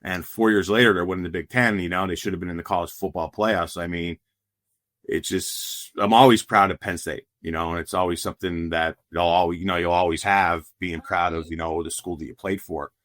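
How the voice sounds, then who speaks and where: A man's voice: low-pitched, fairly even intonation, a little fast, a bit bright, no room sound, studio quality. A middle-aged man from Pennsylvania, a former player and guest, telling stories casually with many fillers and restarts. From Pennsylvania coal region. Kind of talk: casual storytelling.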